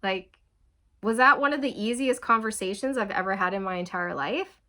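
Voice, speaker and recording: A woman's voice: mid-range voice, normal speed. Woman doing a tarot reading for her channel, talks to viewers, laughs a lot, keeps saying okay. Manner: warm, repetitive, addresses viewers as you guys; often laughs and says okay. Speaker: tarot reader.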